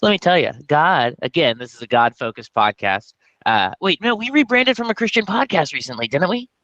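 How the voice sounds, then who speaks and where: A man chatting casually as a comedian guest, rambling and jokey with animated bits. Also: a little high, fairly quick, no echo, highs cut off. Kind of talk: casual podcast chat.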